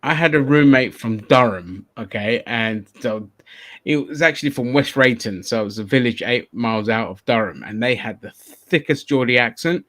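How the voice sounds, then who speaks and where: A man at mid pitch hosts a loose, rambling podcast chat. He swears freely and laughs often. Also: normal speed, a bit bright. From London. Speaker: podcast host.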